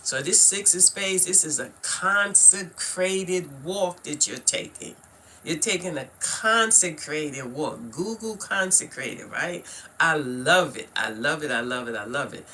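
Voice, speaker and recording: A woman's voice: deep voice, animated, measured pace, bright, forceful tone, a little hiss or hum. An older woman from Brooklyn with a Brooklyn accent, chatting casually to viewers as she reads cards on a live stream at home. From Brooklyn, New York. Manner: chatty, talks straight to viewers with "y'all" and "fam". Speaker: card reader live-streaming. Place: at home, indoors.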